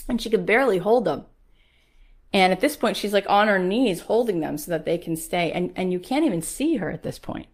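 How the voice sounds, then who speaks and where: A woman's voice: mid-range voice, animated, fairly quick. Earnest woman podcast host, pleading. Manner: storytelling, soft and hushed at first, then rising to urgent, pleading exhortation. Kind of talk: motivational talk.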